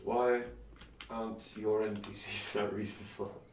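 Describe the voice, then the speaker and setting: A man's voice: lowish voice, flat delivery, measured pace, a little hiss or hum. A man chatting casually while streaming a game, rambling and self-deprecating, with many fillers. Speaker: game streamer and dungeon master. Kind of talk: casual let's-play chat. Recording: roomy from mic distance. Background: game music.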